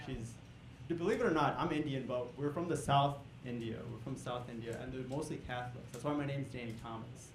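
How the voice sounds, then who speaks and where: A male stand-up comedian doing a loose, conversational set on a comedy club stage, chuckling and breaking into shouted bursts at the crowd. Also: mid-range voice, a little fast. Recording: echoey club room with crowd noise.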